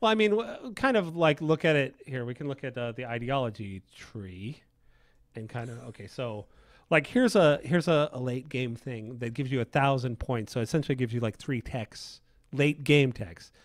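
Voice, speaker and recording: Chatty game designer, dry close sound. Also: male voice, mid-range voice, lively intonation, moderate pace, no room sound. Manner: rambling, enthusiastic, many restarts and fillers. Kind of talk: casual livestream chat.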